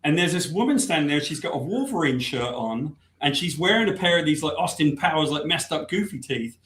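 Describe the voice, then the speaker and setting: A man's voice: fairly high pitch, lively intonation, fairly quick, fairly bright tone. Man telling a story in an echoey room. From Britain. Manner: laughing, self-deprecating storyteller. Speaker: guest comic book writer. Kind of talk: animated anecdote telling.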